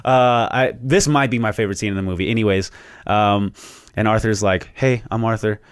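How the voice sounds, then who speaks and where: A man hosting a podcast in an excited, casual way. He swears freely and fills pauses with "um". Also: fairly low pitch, clear, resonant tone, no room sound, studio quality. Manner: excited, profane, lots of fillers. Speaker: podcast host. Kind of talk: casual chat.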